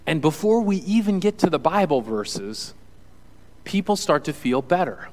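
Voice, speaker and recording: A man's voice: on the high side, animated, normal speed, darkish tone, long reverb tail. A male pastor preaching a sermon to a congregation in an earnest, conversational way. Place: church hall with audience.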